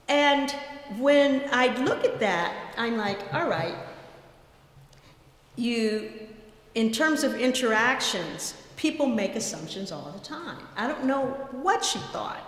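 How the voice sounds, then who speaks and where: A woman's voice: a little high, expressive, normal speed. A woman giving a conversational academic talk at a colloquium, telling stories with asides. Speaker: guest lecturer. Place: lecture hall. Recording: echoey lecture hall.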